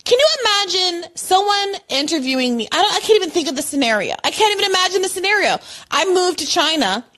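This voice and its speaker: Animated woman podcast host, rambling. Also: extremely high pitch, fast. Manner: animated, self-interrupting, swings from loud outbursts to quiet mumbling. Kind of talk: casual chat. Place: home apartment. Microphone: remote call audio.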